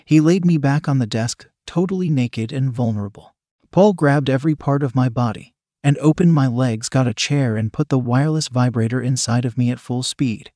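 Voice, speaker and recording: Mellow-voiced man reading a story. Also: mid-range voice, normal speed, no echo, studio quality. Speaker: narrator. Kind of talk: first-person erotic story reading.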